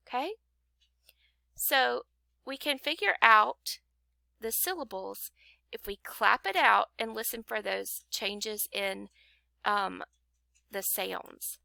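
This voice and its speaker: Slow and patient, a woman gives young learners a phonics lesson, stopping to clap out every syllable. Her bright, slightly high voice drops into heavy gravelly fry at phrase endings, recorded close and dry with no room sound.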